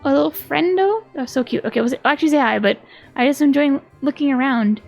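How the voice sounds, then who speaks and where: A chatty woman streamer commenting on a game, playful and quick to giggle. Her voice is high and laced with a gravelly creak. Soft background music plays faintly behind her. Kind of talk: casual live game commentary.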